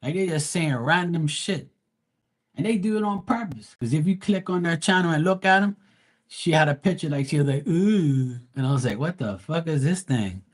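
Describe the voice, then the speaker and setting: A man reading tarot on a livestream speaks in a somewhat high, expressive voice, talking briskly. He chats casually with viewers, and his style is blunt, profane, slangy and meandering.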